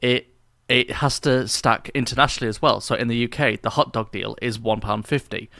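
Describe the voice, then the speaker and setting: A man's voice: mid-range voice, steady tone, creaky, bright, forceful tone, no echo. Casting: man, podcast co-host, rambling casual chat with restarts, dry studio sound. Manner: rambling, halting with many restarts.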